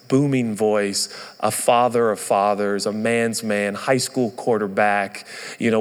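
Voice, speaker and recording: A man's voice: fairly low pitch, clean tone. A man in his thirties preaching a sermon, earnest and conversational, telling stories. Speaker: pastor. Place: church auditorium. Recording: long reverb of a large hall.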